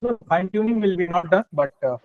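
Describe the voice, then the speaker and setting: High-voiced instructor on a call. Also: male voice, expressive, no echo, lo-fi sound. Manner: hurried, reassuring, explains with many fillers. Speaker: course instructor. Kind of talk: online class session. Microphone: video call.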